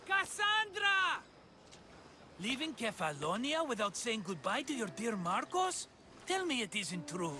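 An actor playing a flamboyant, theatrical middle-aged schemer in a video game cutscene. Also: male voice, very high-pitched, wildly swooping pitch, a little slow, bright, forceful tone, slight background noise, exaggerated voice. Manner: theatrical, boastful. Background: game score.

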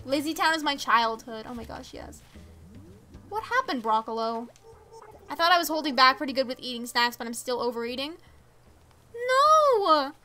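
Teen girl streamer, high bright voice, chatty, reads chat and reacts to game characters. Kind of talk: casual live-stream chat while gaming.

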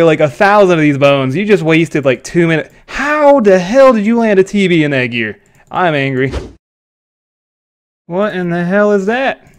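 A young man giving live commentary on his own gameplay, excitable, laughing often and swearing. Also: high voice, unhurried, pauses often. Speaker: gaming YouTuber.

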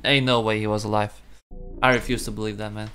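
A man's voice: on the low side, little pitch movement, fast talker. A young man giving profane, rambling, mock-angry commentary while playing a video game. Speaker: gaming streamer. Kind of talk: let's play commentary. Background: game music and gunfire.

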